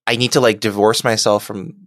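A man co-hosting a podcast in casual chat, who laughs often and makes animated asides. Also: fairly low pitch, a little fast, no echo, clean studio sound. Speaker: podcast co-host.

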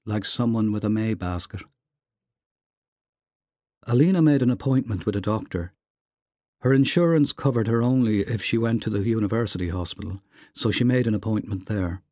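A man narrates a literary short story in a measured, even way. His voice is low, and the recording is close and dry with no room sound. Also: no echo. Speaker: reader. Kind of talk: literary fiction reading.

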